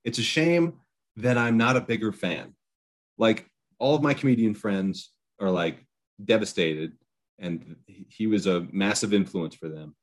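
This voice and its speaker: A man co-hosting a podcast, chatting casually with wry jokes in quick bursts. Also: lowish voice. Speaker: podcast co-host. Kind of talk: casual chat.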